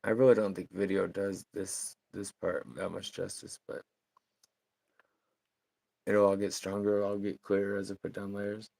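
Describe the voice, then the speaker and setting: A man in his thirties chatting casually with viewers on a live stream while he paints, relaxed and rambling, laughing easily. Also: lowish voice, normal speed, gravelly, a little hiss or hum. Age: 30s. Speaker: livestreaming painter.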